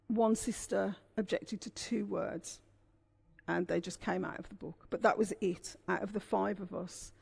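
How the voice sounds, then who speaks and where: Middle-aged english woman, gravelly husky voice, chatty storyteller. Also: medium pitch. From England. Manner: candid storyteller, animated. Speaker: author guest. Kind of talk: conversational interview.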